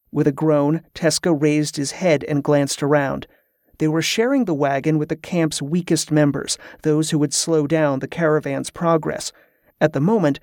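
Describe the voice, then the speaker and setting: An audiobook narrator reading fiction in an even, measured manner. The voice sits at a middling pitch and the recording is dry and close, with no room sound. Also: dry recording.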